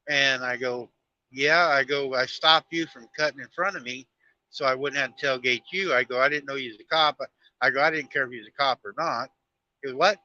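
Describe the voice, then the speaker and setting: A man's voice: mid-range voice, pushed and bright, no echo, muffled recording. A man, chatting casually on a live stream from his truck cab as he drives, telling stories in a rambling, folksy way. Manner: rambling storyteller, folksy talk. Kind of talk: casual live-stream chat while driving.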